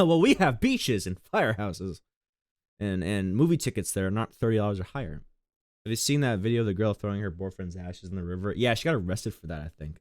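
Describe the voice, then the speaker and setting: A young male streamer from Long Island rambles through crude jokes and tangents in a low voice. His pitch jumps about, and he often leaps into high, loud outbursts. The sound is close and dry, with no room in it. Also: no room sound. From Long Island, New York. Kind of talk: casual stream chat.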